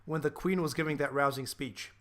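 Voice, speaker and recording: A man's voice: a little high, a little fast, very noisy. A young man co-hosting a podcast, ranting animatedly about a bad movie and swearing. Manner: animated, swearing, mocking voices of film characters. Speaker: podcast co-host. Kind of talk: casual ranting movie review.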